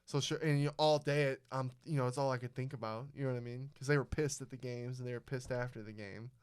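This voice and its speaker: Young guy podcast host rambling through a story, cussing a lot, smooth clear voice. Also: medium pitch, quick pace. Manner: storytelling, heavy swearing, animated. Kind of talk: casual chat.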